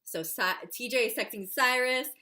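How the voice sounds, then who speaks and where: A woman in a casual reaction vlog, gushing and excitable about an episode, full of "like" fillers. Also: a little high, moderate pace. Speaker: vlogger reviewing a TV episode.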